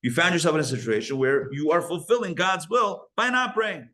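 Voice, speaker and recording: Bright-voiced rabbi telling a story. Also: male voice, on the high side, brisk. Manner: animated, conversational storytelling with frequent restarts; sprinkles Yiddish and Hebrew religious terms. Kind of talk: live Torah class storytelling. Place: live class at a Torah center.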